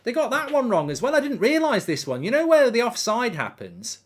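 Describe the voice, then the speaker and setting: A very high male voice, fairly quick, runs a live football watchalong. He voices viewer comments aloud, and bad refereeing calls spark his animated, indignant rants.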